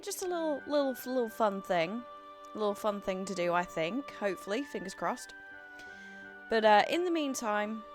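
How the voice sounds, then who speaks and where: A woman streamer chatting casually in a rambling way, with lots of fillers. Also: medium pitch. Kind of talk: casual chat.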